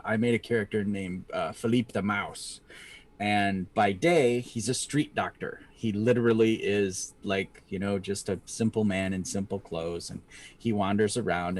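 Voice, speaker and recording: A man co-hosting a casual live-streamed chat, talking in a rambling, playful way and often breaking into laughter. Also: lowish voice. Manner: rambling and playful, often laughing and acting out little character voices. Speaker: podcast co-host.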